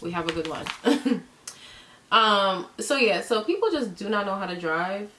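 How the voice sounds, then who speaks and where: Bright-voiced chatty woman vlogging. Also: medium pitch, very animated, unhurried, slight background noise. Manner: chatty, playful, nervous. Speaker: beauty vlogger. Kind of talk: casual makeup chat to camera.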